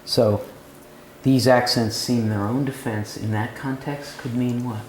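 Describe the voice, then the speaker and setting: A seminar leader with a steady, unhurried mid-range voice lectures on poetry to a group in a cafe room, putting questions to them as he goes. The room sound is roomy, with faint background noise.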